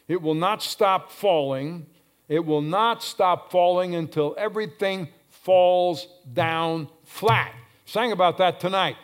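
A man preaching a sermon with fervor, repeating phrases for emphasis and swinging from loud, stretched calls to low, hushed lines. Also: unhurried. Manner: fervent preaching, swelling loud then dropping low. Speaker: pastor.

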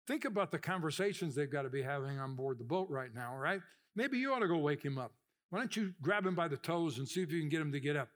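A pastor preaching a sermon with animated storytelling, acting out voices and getting louder for emphasis. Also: male voice, a little fast. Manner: animated storytelling, acts out voices, rises in pitch and volume for emphasis.

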